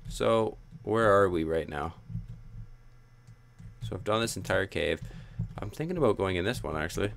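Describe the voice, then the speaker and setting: A man's voice: deep voice, expressive, moderate pace, vocal fry, long pauses, a bit bright, slight background noise. A young man commenting on his own gameplay, muttering frustrated self-talk with sudden yelps. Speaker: gaming YouTuber.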